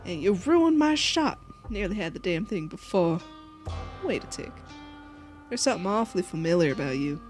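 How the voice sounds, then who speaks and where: Gruff southern hunter guy, a woman putting on the drawl, blunt and brusque, some faint music behind. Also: lowish voice, sing-song, normal speed, darkish tone. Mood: annoyed. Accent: American Southern.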